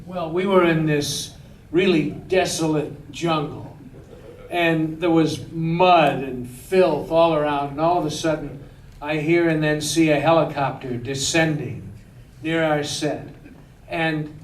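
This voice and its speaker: Unhurried high-voiced man telling stories. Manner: animated anecdotal, laughing often. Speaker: film director guest. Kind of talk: storytelling at a Q&A. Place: theater. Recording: echoey hall from far off, faint noise.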